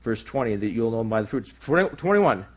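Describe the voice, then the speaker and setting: Husky, earnest male preacher. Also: medium pitch, very animated, fast talker. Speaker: pastor. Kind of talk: sermon.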